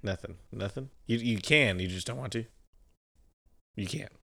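A man's voice: on the low side, moderate pace, gravelly, sharp tone. A man hosting a casual podcast chat, laid-back and laughing a lot. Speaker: podcast host.

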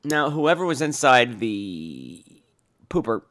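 A man hosting a podcast, telling a funny, profane story in an animated way. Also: mid-range voice, slow. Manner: animated, profane, jumps between voices. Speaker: podcast host. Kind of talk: comic storytelling.

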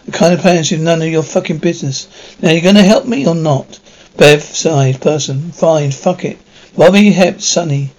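A man flatly reading out a film script, stage directions and every character's lines alike, without acting them. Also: on the high side, normal speed, low-quality recording. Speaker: script reader. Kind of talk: flat reading of a screenplay, stage directions included.

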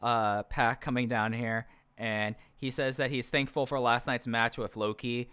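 A man's voice: medium pitch, fairly even intonation, unhurried, a bit bright, smooth, no room sound. A man co-hosting a podcast, chatting casually and with strong opinions, often restarting his sentences. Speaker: podcast co-host. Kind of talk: casual chat reviewing a wrestling show.

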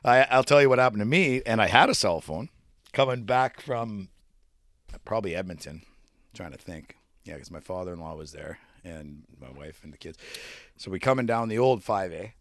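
A Canadian man spinning a story on a casual podcast, his voice bright and ringing and swinging up and down as he goes. He swears freely and jumps into loud, high-pitched bursts when he quotes people. The sound is dry and close. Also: expressive, moderate pace, no echo. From Western Canada. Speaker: podcast co-host.

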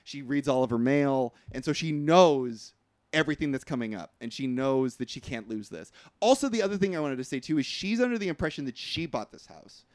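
A man co-hosting a casual podcast chat, lively and quick to laugh, swearing casually. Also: mid-range voice, no room sound, studio quality. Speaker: podcast co-host.

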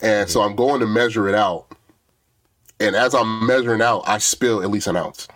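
A young man tells a long story on a podcast, rambling and restarting as he goes. His voice sits low. The sound is dry and close. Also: moderate pace, fairly bright tone, dry recording. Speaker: podcast co-host, producer. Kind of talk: casual storytelling chat.

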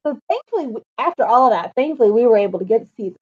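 A woman with a high voice that rises and falls a lot chats casually and fills in the story with details. The recording sounds dull and lo-fi. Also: big pitch swings, rapid-fire, darkish tone, slightly rough. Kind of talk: casual chat, recounting a story.

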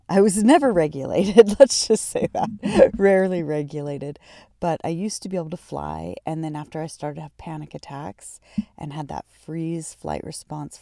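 A woman's voice: deep voice, creaky, mellow, no echo, clean studio sound. A woman, hosting a podcast and telling a personal story in a reflective way, often searching for words. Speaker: podcast host.

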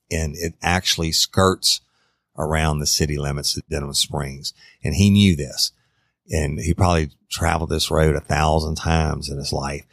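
A man's voice: a bass voice, no echo, clean studio sound. A man telling a true crime story in a casual, conversational way, talking straight to his listeners. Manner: conversational, addresses listeners directly, acts out quotes.

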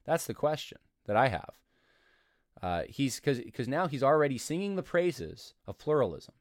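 A man reading aloud from an article and critiquing it in an argumentative, animated way, breaking in with asides and short laughs. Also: medium pitch, normal speed, dry recording, studio quality. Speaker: commentator.

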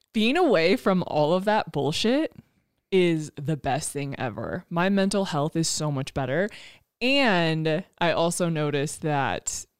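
A woman's voice: deep voice, expressive, takes it slowly, clear, resonant tone, dry recording, clean studio sound. A woman co-hosting a podcast in casual chat, teasing and laughing often. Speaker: podcast co-host.

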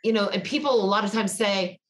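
A woman's voice: mid-range voice, a little fast. A woman from Georgia with a Southern accent, a podcast guest chatting casually and telling stories with frequent laughs. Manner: chatty storyteller, laughs often. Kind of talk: casual interview chat.

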